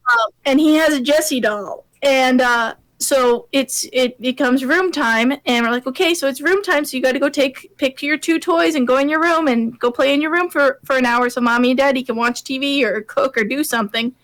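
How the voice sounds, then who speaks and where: A woman in her thirties with a high-pitched voice, chatting as a guest on a live stream. She tells family stories in an easygoing, talkative way. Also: normal speed, a bit bright. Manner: chatty storyteller. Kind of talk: casual chat.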